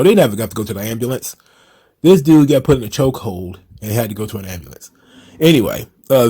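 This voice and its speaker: A man's voice: mid-range voice, dark tone, breathy edge. A man talking through a casual recap in a mid-range voice, rambling from point to point with blunt opinions. He chuckles now and then as he goes. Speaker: wrestling commentary host.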